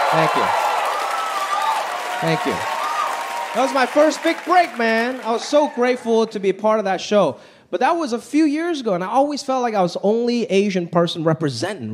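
On stage in a large theater, a man with a high, sing-song voice delivers stand-up at a moderate pace, conversational and punchy with exaggerated impressions. The live recording picks up a loud crowd laughing and applauding.

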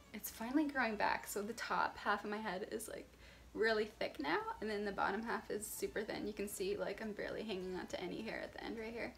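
A chatty young beauty vlogger films a casual hair tutorial on her phone camera in a warm room at home. Her mid-range voice is gravelly and a bit bright, and she rambles with lots of filler words.

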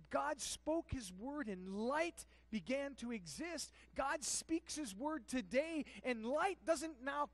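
A pastor preaching a sermon, moving between hushed, quiet passages and shouted, impassioned ones. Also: high voice, no echo, low-quality recording.

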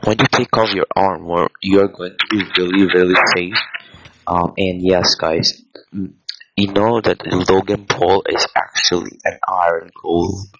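A man with a deep, low voice talks very slowly, stalling on ums and repeating himself. He rambles through a mock ASMR monologue as the video's host. A faint hiss sits under his voice. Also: level tone, gravelly, fairly bright tone, dull audio. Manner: hesitant, halting, many ums and repeated words.

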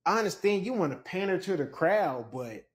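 A man giving an animated, exasperated opinion in a casual clip. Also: a little fast. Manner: animated, pitch swinging up when exasperated. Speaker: commentator.

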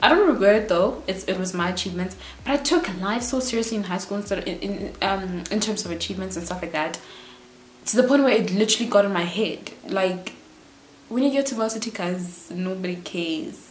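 A South African woman in her twenties giving casual life advice as a vlogger, in a quick, chatty, animated way. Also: mid-range voice, a little hiss or hum. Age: 20s. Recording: roomy echo.

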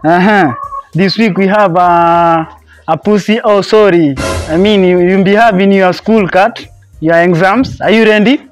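A man's voice: sits high, steady tone, a little slow, faint music behind. A man playing a strict schoolteacher in a comedy skit, bossy and repeating his orders. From Kenya.

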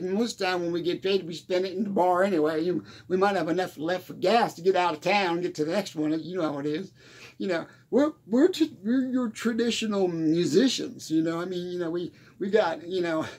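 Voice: mid-range voice, a little mellow, husky. A performer playing a forgetful, rambling country musician in an improvised comedy monologue, losing the thread and laughing at his own jokes. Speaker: comedy character.

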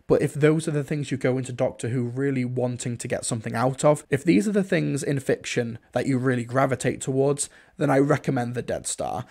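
Male reviewer, mid-range voice, relaxed chatty delivery peppered with fillers. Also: medium pitch. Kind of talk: casual spoken review.

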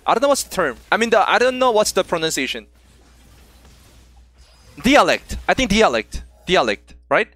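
A young man from South Korea with a Korean accent, chatting casually with viewers while streaming a game, excitable and often laughing. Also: high-pitched, fast talker, hardly any pauses, no room sound. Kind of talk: casual gameplay stream chat.

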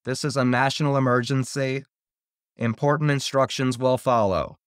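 A man's voice: mid-range voice, steady tone, normal speed, clear, resonant tone, dry recording, clean studio sound, lightly acted. A man voicing a robotic emergency broadcast alert, giving stern, clipped orders. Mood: commanding.

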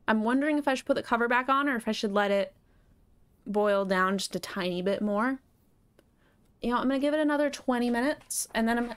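A woman's voice: a little high, smooth. A woman streaming a game live, chatting casually with viewers and cooing at her cat.

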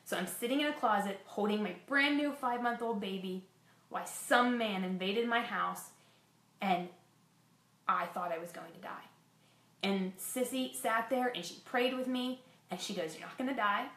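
A woman tells her own story straight to camera, frank and self-deprecating. Her voice sits at an ordinary middle pitch. The room around her rings with noticeable echo. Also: normal speed, a bit bright. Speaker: fitness vlogger sharing a personal story. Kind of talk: candid personal storytelling.

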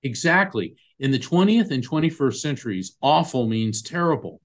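A man at an ordinary middle pitch talks through a podcast interview with animated storytelling. He breaks into the voices of the people in his stories as he goes. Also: normal speed. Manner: animated storyteller who acts out quoted voices. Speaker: guest, medium and lawyer.

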